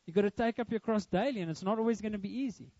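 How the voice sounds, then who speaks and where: High-voiced earnest preaching man. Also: rapid-fire, darkish tone, no echo, dull audio. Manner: earnest, emphatic preaching with repetition. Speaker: pastor. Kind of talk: sermon.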